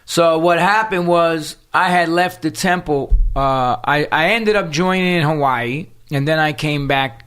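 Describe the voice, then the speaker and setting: A middle-aged man, telling stories from his past in a profane, animated street-talk style during a podcast interview. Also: a little high, a little slow, few pauses, clean tone. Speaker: podcast guest, punk singer. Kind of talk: storytelling in casual interview.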